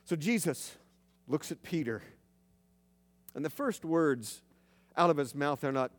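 A male pastor preaching a sermon in a conversational, storytelling way, slowing down for emphasis. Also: a little high, animated. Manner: conversational storytelling, dramatic slowdowns. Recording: long reverb of a large hall.

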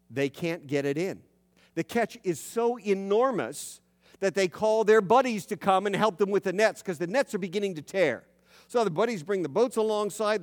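A male pastor preaching a sermon in a conversational, storytelling way, slowing down for emphasis. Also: high-pitched. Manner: conversational storytelling, dramatic slowdowns. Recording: long reverb of a large hall.

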